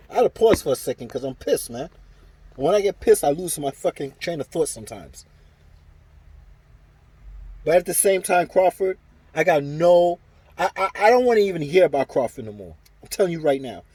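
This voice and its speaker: A man's voice: sits high, a little mellow, breathy edge, dry recording. A man ranting angrily to camera about boxing, heated and profane, repeating himself as he vents. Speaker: boxing commentary vlogger. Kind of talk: angry opinion rant to camera.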